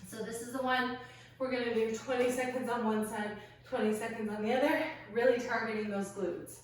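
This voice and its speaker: A woman's voice: on the high side, steady tone, fairly quick, slight background noise. Breathless woman coaching a workout. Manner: breathless, encouraging cues while exercising. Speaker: fitness instructor. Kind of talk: workout instruction. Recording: echoey room, distant mic.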